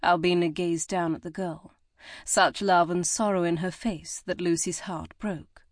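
Woman narrator, low-ish voice, measured audiobook delivery, dry studio. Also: steady tone, no room sound. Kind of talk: scripted narration.

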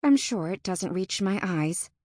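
A woman narrating a first-person fantasy audiobook in an expressive, tense and dramatic manner. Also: lowish voice, a little slow, no echo, studio quality.

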